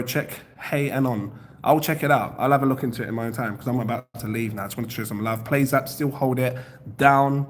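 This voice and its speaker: A man's voice: mid-range voice, slight background noise. A man hosting a casual crypto livestream from home, rambling as he reads out viewer comments and web pages. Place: home, near his kitchen.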